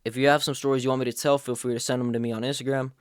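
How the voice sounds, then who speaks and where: A man's voice: medium pitch, level tone, very fast, clear, resonant tone, no room sound, clean studio sound. A young man hosting a comedic storytime vlog, telling it with sarcastic jokes. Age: young adult. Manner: sarcastic, jokey. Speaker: storyteller host.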